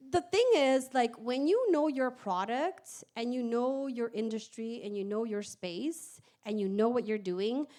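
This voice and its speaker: Woman, high voice, candid startup founder doing an animated, swear-laden live storytelling talk. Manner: animated, candid, swears and laughs while telling. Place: event stage before an audience.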